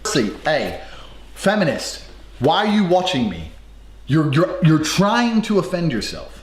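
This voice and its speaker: A man's voice: a little high, wildly swooping pitch, unhurried. A man delivering a cocky, mocking, profane monologue. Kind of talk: boastful monologue. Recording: roomy space with music behind.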